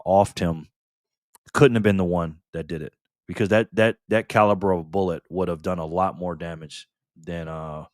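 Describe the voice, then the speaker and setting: A man's voice: fairly low pitch, no room sound, clean studio sound. A man hosting a casual live stream, greeting viewers by name in a loose, chatty way with plenty of fillers. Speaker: live stream host reading chat.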